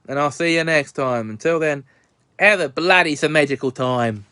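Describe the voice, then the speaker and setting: A man's voice: a little high, moderate pace, pushed and bright, smooth, no room sound, studio quality. A young British man reviewing a comedy film in a jokey, put-on Australian accent, sprinkling his talk with slang. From Britain. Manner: jokey, peppers speech with "bloody" and "mates". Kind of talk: casual review vlog.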